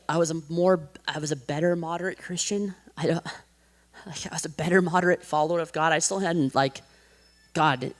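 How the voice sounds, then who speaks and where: Man telling his testimony, filler-heavy. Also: a little high. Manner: casual, heavy use of "like", acts out quotes. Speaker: podcast guest. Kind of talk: personal testimony.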